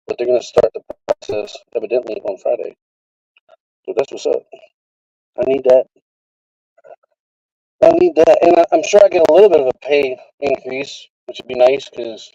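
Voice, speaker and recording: A man vlogging from his car, telling a casual, profane story in an animated way. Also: mid-range voice, dry recording. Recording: dry, slightly dull sound.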